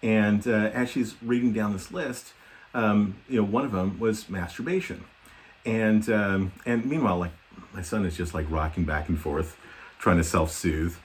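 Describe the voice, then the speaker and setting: A man's voice: lowish voice, normal speed. A middle-aged man, a podcast co-host, telling a self-deprecating story in casual chat, rambling with many fillers.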